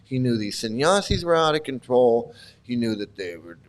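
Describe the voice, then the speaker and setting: A man's voice: mid-range voice, big pitch swings, normal speed. An older man giving casual, blunt commentary, rambling with frequent restarts and swearing freely.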